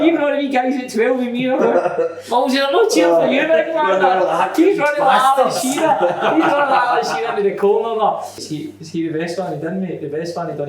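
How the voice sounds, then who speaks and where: A young Scottish man telling sweary, animated stories on a podcast, laughing through them. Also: high voice. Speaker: podcast guest. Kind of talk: casual anecdote telling. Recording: echoey room, distant mic.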